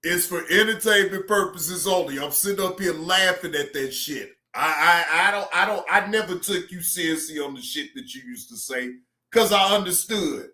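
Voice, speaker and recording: A man's voice: high voice, normal speed, bright, forceful tone, roomy sound. A man hosting a casual live-stream reaction show, who laughs often, swears freely and repeats himself.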